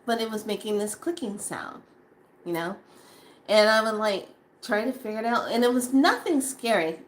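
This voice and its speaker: A woman speaking casually to camera about staying on a spiritual path, animated and acting out her own past reactions. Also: medium pitch, moderate pace.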